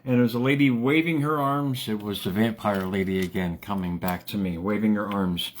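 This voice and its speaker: A man's voice: a little fast, few pauses, slight background noise. A man hosting a motivational live stream, telling a story in a casual, jokey way with big jumps in his voice. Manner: animated, jokey, acts out quotes with big pitch jumps. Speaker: motivational radio host.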